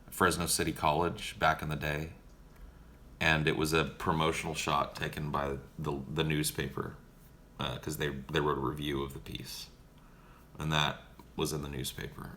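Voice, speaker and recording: A man's voice: very deep voice, pushed and bright, a little hiss or hum. A young man casually answering viewer questions on a livestream in a profane, joking, laid-back way.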